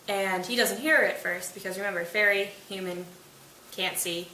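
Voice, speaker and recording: A woman in a roomy space, heard from a distance over faint hiss, walks through a classic comedy's plot with playful asides. Her pitch is average and her tone is chatty and casual. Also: steady tone, normal speed, sharp tone. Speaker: host.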